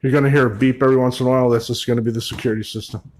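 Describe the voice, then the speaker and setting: Brief: male paranormal vlogger on his own in a dark old store, mid-pitch voice, loud calls then hushed asides. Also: fairly even intonation, racing. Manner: talks to spirits and camera, shifts between loud calls and hushed asides. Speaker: paranormal investigator. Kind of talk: solo ghost-hunting vlog narration. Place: old store building at night, indoors.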